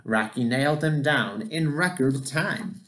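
A man reading a children's picture book aloud, gentle and expressive. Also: mid-range voice, measured pace. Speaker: storybook reader.

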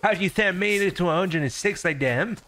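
A man's voice: high voice, fast, bright, forceful tone, slight background noise. A brash man gamer in in-game voice chat, cursing and egging others on.

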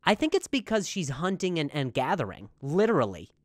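A man's voice: on the high side, brisk, no room sound, studio quality. A male comedian doing a rambling comedic monologue, with a stutter that makes him repeat words. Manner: animated, rambling.

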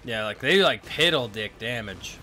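A man's voice: medium pitch, animated, moderate pace, bright, forceful tone, slight background noise. A young man commenting casually on his own gameplay, swearing and breaking into frustrated outbursts. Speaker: gaming streamer.

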